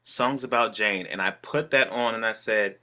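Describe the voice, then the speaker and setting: A man's voice: lowish voice, normal speed, pushed and bright. A man who is a singer and actor, talking as a podcast guest in an upbeat, earnest way and laughing easily. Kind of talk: casual interview chat.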